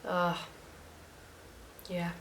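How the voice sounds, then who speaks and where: A young woman telling a story in a casual rant, frank and animated, swearing often. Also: drawn-out words, a little hiss or hum, poor audio. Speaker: vlogger.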